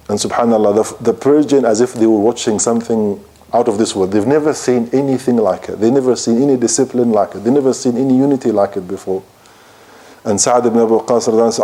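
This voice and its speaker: A man's voice: mid-range voice, fast, warm tone. A man giving a storytelling lecture at a mosque, retelling history in non-native English with Arabic phrases mixed in. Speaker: Islamic lecturer.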